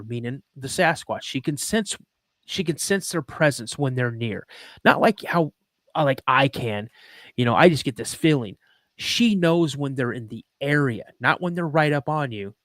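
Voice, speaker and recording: A man hosting a podcast earnestly and emotionally tells a personal story, reenacting the dialogue and saying um often. His voice is medium-pitched, with no room sound.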